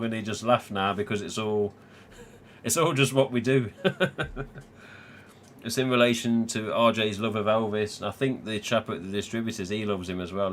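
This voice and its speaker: His pitch is fairly low and his tone fairly bright as this man from England hosts a live stream. He chats casually, swears freely and laughs often, and a little hiss or hum is audible.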